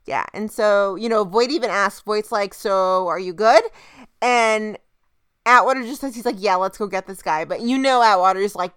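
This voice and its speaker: Woman, young adult, podcast co-host, casual chat, animated retelling, dry close sound. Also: mid-range voice, moderate pace, clear, resonant tone, dry recording. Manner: chatty, animated retelling with quoted voices. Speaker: podcast co-host recapping a TV episode.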